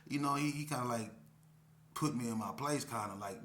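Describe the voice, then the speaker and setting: Man storyteller, low-pitched, bright and forceful tone, slangy and candid, with faint hum behind. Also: steady tone, a little fast. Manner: slangy and candid, repeats himself, acts out dialogue. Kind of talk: casual spoken storytelling.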